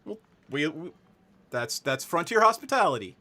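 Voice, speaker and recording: A man's voice: fairly high pitch, sing-song, moderate pace, sharp tone, pitched above the performer's own voice, full character voice. A man voicing a friendly, eager-to-please female deputy of a small frontier town in a tabletop game.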